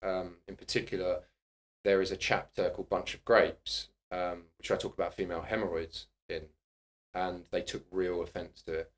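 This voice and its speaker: A middle-aged man talks in a fairly low voice. He tells candid, animated stories and swears bluntly, like a guest in casual conversation. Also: normal speed. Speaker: guest, personal trainer and author.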